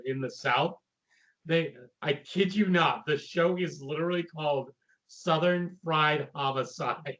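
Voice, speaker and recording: A young man co-hosting a casual review chat, halting and stumbling over his words. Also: fairly high pitch, a bit bright. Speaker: podcast co-host. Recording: dull lo-fi mic.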